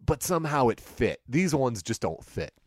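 Animated man ranting about a movie. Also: medium pitch, moderate pace, no echo, studio quality. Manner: rambling, wry, animated with restarts. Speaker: podcast co-host reviewing a movie. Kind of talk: casual chat.

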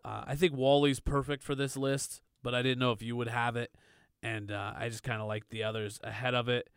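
Male podcast co-host, clear resonant tone, dry close sound, laid-back rambling. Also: medium pitch, a little fast, no echo. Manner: relaxed, loose, filler-heavy. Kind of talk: casual movie chat.

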